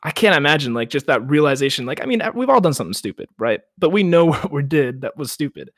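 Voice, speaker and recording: A man's voice: fairly high pitch, fast talker, dry recording, clean studio sound. A young man co-hosting a book podcast, retelling the chapter with acted-out quotes and frequent laughs. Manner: animated retelling, acts out quotes, laughs often. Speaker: podcast co-host. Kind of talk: casual book discussion.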